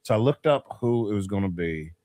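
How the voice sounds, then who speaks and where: A man's voice: lowish voice, lively intonation, a little fast, mellow, no room sound. A man co-hosting a casual movie talk show, building up to trivia reveals. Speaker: podcast co-host.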